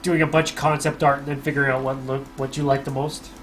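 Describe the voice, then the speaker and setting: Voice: medium pitch, level tone, quick pace, fairly bright tone, a little hiss or hum. A host from Calgary, Alberta, interviewing game developers in a chatty, story-telling way with frequent restarts. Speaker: show host. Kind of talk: casual interview chat.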